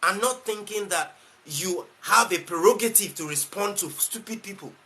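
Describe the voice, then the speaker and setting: Nigerian man, life coach on a live stream, bright and forceful, repeats points and leans on rhetorical questions. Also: sits high, normal speed. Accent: Nigerian English. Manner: emphatic, repeats key phrases, asks rhetorical questions. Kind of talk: motivational live-stream talk.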